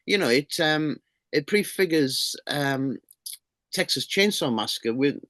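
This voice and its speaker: A middle-aged man who publishes a horror magazine chats as an interview guest, enthusiastic and rambling, often restarting his sentences. His voice is fairly high and fairly bright, with lively intonation and an unhurried pace, and there's no room sound.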